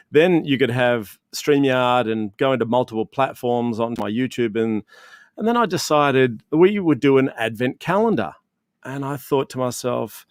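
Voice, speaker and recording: A man, a guest telling stories in a lively, clowning way on a video call. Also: mid-range voice, no echo, clean studio sound. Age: 50s. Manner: animated, self-described clown, laughs often. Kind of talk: casual storytelling chat.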